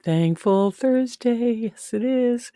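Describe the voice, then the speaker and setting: A woman's voice: a little high, takes it slowly, warm tone, no echo, studio quality. A woman hosting a casual live stream, chatting affectionately and greeting viewers by name. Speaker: livestream host. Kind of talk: casual livestream chat.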